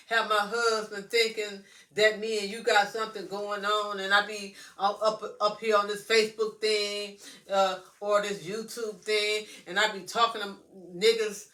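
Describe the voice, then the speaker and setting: A woman's voice: medium pitch, flat delivery, normal speed, a bit bright. A woman vlogger talking straight to her followers in a loose, rambling, profane monologue. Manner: chatty, loose and profane, addresses viewers directly. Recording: voice a bit far from the mic.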